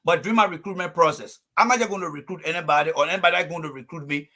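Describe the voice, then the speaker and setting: A Liberian man talks fast on a call-in panel show, his fairly high voice pushed and bright. He makes his points emphatically, setting them out in numbered phases, in the heated style of call-in panel debate.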